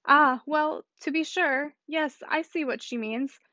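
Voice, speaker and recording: A woman reading aloud gives voice to a fluttering, chattering older spinster, eager to please everyone. Her voice sits high. The recording is dull and dry. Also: unhurried, bright, forceful tone, dry recording. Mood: flustered.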